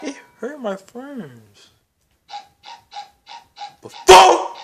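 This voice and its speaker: A performer voicing a hot-tempered puppet hand who comments on a video game in character, yelling insults and exasperated questions. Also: high-pitched, animated, extremely slow, gravelly, background noise, full character voice. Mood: raging. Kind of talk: comedic gameplay commentary in character. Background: video game music.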